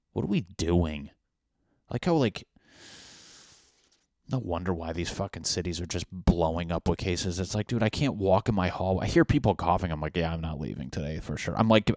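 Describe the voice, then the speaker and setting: Deep-voiced man ranting crudely. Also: vocal fry, no room sound, clean studio sound. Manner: crude, profane, rambling with many fillers. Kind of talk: casual comedic rant. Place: home apartment.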